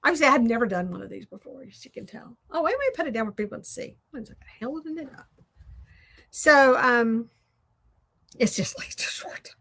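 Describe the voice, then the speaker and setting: A Southern American woman hosting, chatting casually and rambling while she crafts, quick to poke fun at herself. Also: on the high side, big pitch swings, gravelly, fairly bright tone. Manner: chatty, rambling, self-deprecating. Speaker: host.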